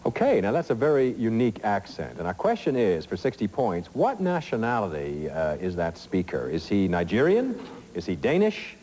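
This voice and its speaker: Lively, mellow-voiced game show host man. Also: on the low side, moderate pace, long reverb tail, a little hiss or hum, poor audio. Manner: chatty, asides with many fillers. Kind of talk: TV quiz show hosting. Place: TV studio.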